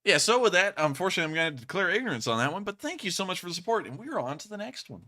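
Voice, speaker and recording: Bright-voiced excitable male streamer. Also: sits high, very fast. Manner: animated, excitable, rambling with fillers. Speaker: livestream host answering donations. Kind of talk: casual livestream chat.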